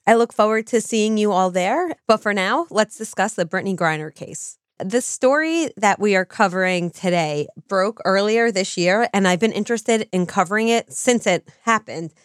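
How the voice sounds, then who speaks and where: A woman co-hosting a true-crime podcast, explaining things in a measured, casual way. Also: medium pitch, lively intonation, clear, resonant tone, no room sound, studio quality. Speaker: podcast co-host.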